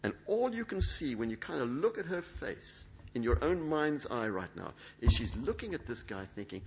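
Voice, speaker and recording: Male preacher, dramatic sermon delivery, lively pitch. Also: normal speed, vocal fry, hardly any pauses, a little hiss or hum. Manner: emphatic, dramatic, acts out quoted speech. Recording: dull lo-fi sound.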